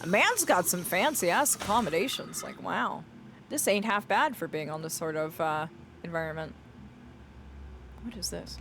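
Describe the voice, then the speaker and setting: A woman streaming a game, chatting playfully with her viewers and reading in-game journals aloud in a soft storytelling voice. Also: fairly low pitch, expressive, normal speed, noisy background. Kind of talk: gameplay commentary with a read-aloud journal.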